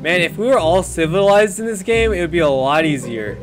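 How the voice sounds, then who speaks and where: A slightly high-voiced young man narrates his gameplay in a loose, jokey way. He often breaks into loud, excited yelling at other players. Loud background music plays under his voice the whole time. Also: brisk. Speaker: gaming video creator. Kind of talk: casual gameplay commentary.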